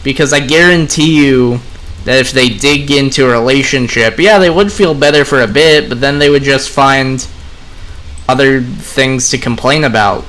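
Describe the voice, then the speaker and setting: Young man, bright clear voice, casual gaming commentary, rambling, talks straight to viewers. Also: mid-range voice, moderate pace. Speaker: gaming vlogger. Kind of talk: casual commentary while playing.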